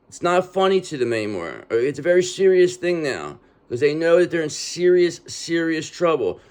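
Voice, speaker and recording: A man's voice: fairly high pitch, expressive, brisk, darkish tone, smooth. A man giving a casual, street-talking tarot reading and repeatedly checking in with the listener. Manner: street-talking, repetitive, reassuring with frequent "okay?". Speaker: tarot reader.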